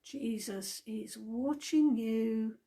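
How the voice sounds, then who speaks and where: A cheeky talking parrot delivers its lines slowly and solemnly, as a woman puts it on. The voice is gravelly and a bit husky, sitting fairly high. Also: mellow, exaggerated voice. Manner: slow, solemn repeated warning.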